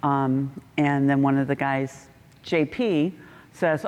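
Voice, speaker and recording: A middle-aged woman telling animated stories about a mission trip, breaking into acted voices, in a church hall. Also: takes it slowly. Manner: animated, laughing, acts out quotes with big pitch jumps. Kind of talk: casual storytelling. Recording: reverberant hall.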